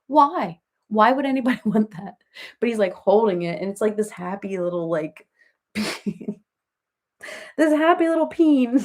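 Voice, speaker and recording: A woman's voice: medium pitch, lively intonation, a little slow, a little mellow, lightly acted. A woman doing a comic impression of a chatty reality-TV mom, rambling through gossip and family stories on a live stream and laughing as she talks. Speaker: comedian doing a parody live chat.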